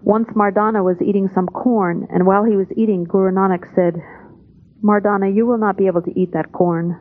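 A woman giving a spoken translation of a spiritual talk in a calm, measured, plain way. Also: mid-range voice. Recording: tinny, phone-like old tape.

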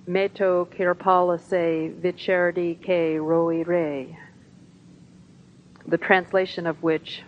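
A woman with a fairly low voice reads devotional text slowly and reverently. The recording sounds dull and lo-fi, with a faint hiss behind her. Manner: slow, devotional reading. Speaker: satsang reader. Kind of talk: reading translated talk and hymn text aloud.

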